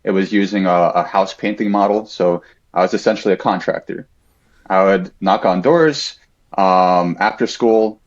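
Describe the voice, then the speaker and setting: Low-voiced man telling a story, dull lo-fi sound. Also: normal speed. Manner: reflective, frequent "like" fillers. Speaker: podcast guest. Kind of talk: casual storytelling.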